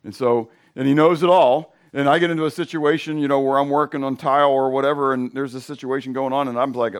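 A middle-aged male pastor with a hoarse voice, preaching in a casual, conversational way and questioning his congregation. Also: medium pitch, steady tone, fast, few pauses. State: hoarse from sinus drainage. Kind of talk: sermon.

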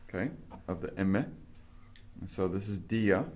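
A man with a somewhat low voice leads a small class through grammar. He asks questions and explains each point patiently. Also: takes it slowly, a little mellow. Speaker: Greek teacher. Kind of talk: classroom instruction.

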